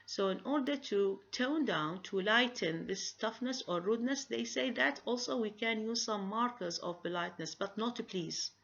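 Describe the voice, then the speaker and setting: A woman giving a recorded grammar lecture, pausing often and asking rhetorical questions. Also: a little high, animated, gravelly, a bit bright. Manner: halting, many fillers and restarts, rhetorical questions. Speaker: grammar teacher. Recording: dull lo-fi recording.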